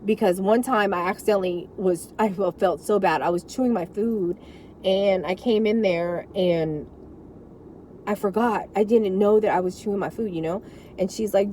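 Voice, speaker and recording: Speaking at a normal pace in a medium-pitched voice, a woman vlogger sits in her car and candidly recounts her experience as a caregiver. The talk is unscripted, emotional, and rambling, full of asides, with slight background noise.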